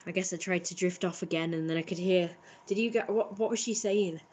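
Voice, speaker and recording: A woman's voice: on the low side, fairly quick, a little mellow, a little hiss or hum, low-quality recording. A British woman, exhausted and burnt out, chatting wearily at home during a live stream and swearing casually. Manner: weary, subdued, swears casually.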